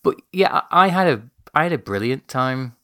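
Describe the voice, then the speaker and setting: A man in his thirties co-hosting a movie podcast, chatty and quick to laugh, often repeating himself. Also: medium pitch, animated, sharp tone, dry recording, clean studio sound. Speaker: podcast co-host. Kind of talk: casual chat.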